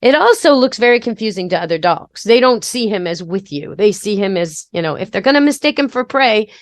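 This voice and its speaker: A woman pet expert hosts a podcast, offering practical, step-by-step training advice in a chatty, casual way. Her mid-range voice is animated and fairly quick, with no room sound.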